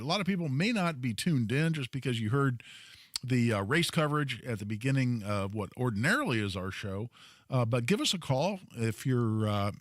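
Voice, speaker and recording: A man hosting a talk radio show, telling a story in an emphatic, animated way. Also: medium pitch, no echo, clean studio sound. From Indiana, US. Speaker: radio host.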